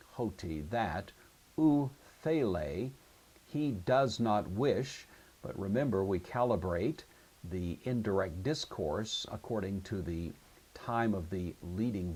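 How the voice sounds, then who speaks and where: Husky low-voiced man teaching grammar. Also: a little mellow. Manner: methodical, explains each form step by step. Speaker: Greek teacher. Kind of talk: lecture walking through grammar exercises.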